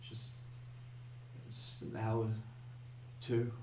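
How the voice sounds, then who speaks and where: A man voicing a frightened young woman in shock, speaking in a hushed, halting, stammering way. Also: mid-range voice, monotone, roomy sound, distant mic, a little hiss or hum. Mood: shaken, fearful.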